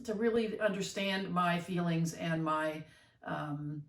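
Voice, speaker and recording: A woman's voice: fairly low pitch, slow pace. A middle-aged woman, co-host and mother, explaining ideas in a reflective, conversational way. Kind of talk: casual conversation. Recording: roomy, distant from the mic.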